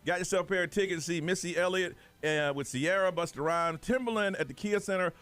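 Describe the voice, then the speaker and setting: A man hosting a radio morning show in a studio, trading lively banter and reading out contest details and phone numbers. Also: high voice, fast, few pauses. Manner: animated, laughing, reads phone numbers.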